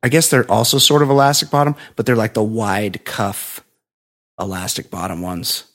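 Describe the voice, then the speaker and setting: A man co-hosting a podcast, telling a long rambling story in casual chat and dropping into a low flat voice to mimic others. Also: normal speed. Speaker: podcast co-host.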